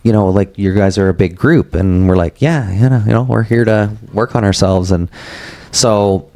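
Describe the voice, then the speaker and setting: A man in his forties, a podcast guest telling a story in a casual, animated way, acting out what people said, with many filler words. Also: fairly low pitch, moderate pace. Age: 40s. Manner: animated, acts out quoted dialogue, frequent "like" fillers.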